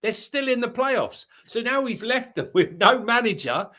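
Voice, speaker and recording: A man's voice: extremely high pitch, lively intonation, moderate pace, pushed and bright. A man co-hosting a casual football chat show, jokey and rambling, laughing often. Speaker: co-host.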